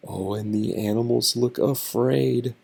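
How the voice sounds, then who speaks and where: A man reading a picture book aloud to children slowly and deliberately, stopping to explain the feelings and words on each page. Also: mid-range voice, fairly even intonation, gravelly, mellow, breathy edge.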